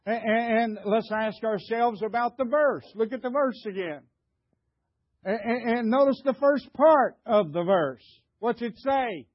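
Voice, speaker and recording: A man's voice: very high voice, a little slow, no room sound, muffled recording. An older man preaching a sermon, emphatic, stammering and repeating himself as he questions the congregation. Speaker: pastor.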